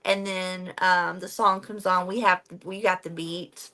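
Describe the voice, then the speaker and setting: A woman co-hosting a book club podcast, retelling a novel's opening in a relaxed chat and acting out the characters' lines. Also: fairly low pitch, a little slow. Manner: relaxed storyteller, acts out the characters' quotes.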